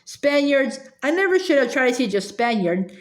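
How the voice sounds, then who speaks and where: An impatient, scornful old fencing master who scolds and nags his pupil, read by a woman. The voice runs fairly high and bright, sharp with exasperation. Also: big pitch swings, normal speed, echoey room. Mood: scolding.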